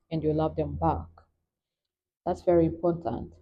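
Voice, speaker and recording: Young nigerian woman vlogging, earnest and emphatic, kinda lowish voice, muffled lo-fi sound. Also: level tone, moderate pace. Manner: earnest, emphatic, repeats "trust me". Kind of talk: candid personal vlog talk.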